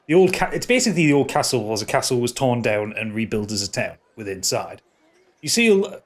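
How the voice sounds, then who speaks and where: A man narrating as game master, stopping and restarting often. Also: medium pitch. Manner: halting, full of restarts and fillers.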